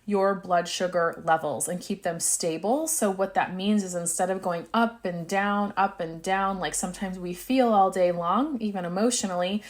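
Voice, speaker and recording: A woman hosting a solo podcast, giving tips in a chatty way, speaking straight to her listeners and often checking in with "right?". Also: fairly low pitch. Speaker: podcast host.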